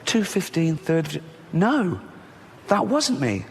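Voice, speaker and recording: A man's voice: fairly high pitch, sing-song, takes it slowly, creaky, long reverb tail, a little hiss or hum. A man doing a stand-up comedy routine, chatty, full of rambling asides and "you know what I mean".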